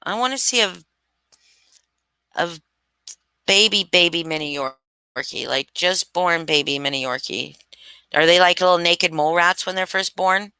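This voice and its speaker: Woman chatting live from home, gushy and sweary, bright clear voice, dry sound. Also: fairly low pitch, unhurried, pauses often, dry recording. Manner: gushing, swears freely, laughs often. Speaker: live stream host. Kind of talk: casual live chat.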